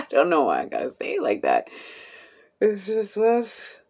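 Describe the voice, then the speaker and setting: With a lowish, darkish voice whose pitch swoops wildly, this woman does a relaxed live tarot reading. Her delivery is slow and drawn out, and she chats, laughs a lot and swears in passing.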